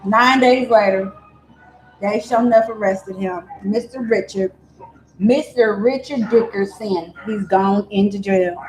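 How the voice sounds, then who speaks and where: A woman vlogger telling a true-crime story in a chatty, digressive way, full of animated asides. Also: mid-range voice, measured pace, reverberant, rough recording.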